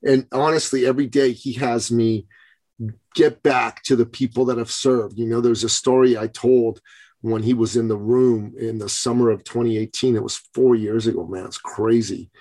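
A man hosting an interview, telling a business story in a casual, animated way and acting out the quotes. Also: mid-range voice, normal speed. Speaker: podcast host.

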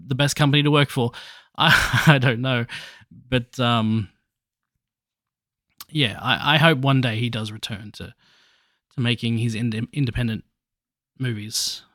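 A man's voice: mid-range voice, a bit bright, no room sound, clean studio sound. A man hosting a podcast alone, chatting casually about movies in a rambling, jokey way with restarts and swearing. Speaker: podcast host.

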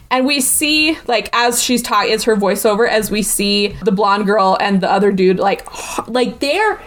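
A woman's voice: medium pitch, moderate pace, hardly any pauses, fairly bright tone. A young woman co-hosting a podcast, chatting casually as she retells a movie scene by scene, full of likes and okays. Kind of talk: casual chat recapping a film.

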